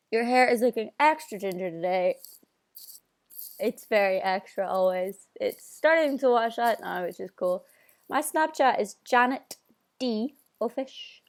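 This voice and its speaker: A woman's voice: on the high side, slow, pauses often. A young woman with a Northern Irish accent chatting casually on a live stream, bubbly and reading out viewer comments. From Northern Ireland. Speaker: singer hosting a live stream.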